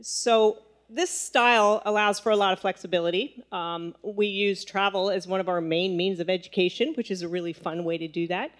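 A woman, a mother, calmly telling a story about how she raised her children. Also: mid-range voice, moderate pace, few pauses. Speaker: parent sharing a story. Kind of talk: casual storytelling.

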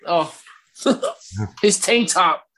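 A man's voice: high-pitched, very animated, drawn-out words, a bit bright. A man from Brooklyn, co-hosting a casual wrestling chat and ranting with heavy profanity. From Brooklyn, New York. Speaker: podcast co-host.

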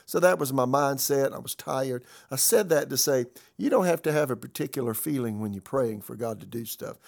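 Gravelly-voiced pastor telling a story. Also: male voice, medium pitch, fairly quick. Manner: conversational storytelling with many fillers and restarts. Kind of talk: sermon-style teaching.

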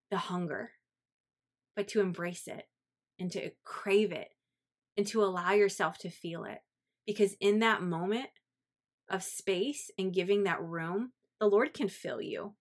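A woman hosting a devotional podcast, talking earnestly and encouragingly and asking her listeners reflective questions. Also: mid-range voice. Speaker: faith podcast host. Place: home in Central Florida.

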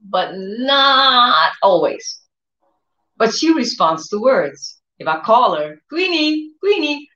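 A woman giving an informal sermon, telling lively stories and acting out what people say in other voices. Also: lowish voice. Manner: animated storyteller who acts out quotes in other voices. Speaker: preacher. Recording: roomy, dull lo-fi sound.

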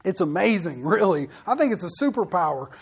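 A man's voice: high-pitched, very animated, a little fast, breathy edge. Folksy joking middle-aged preacher man. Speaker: pastor. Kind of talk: sermon.

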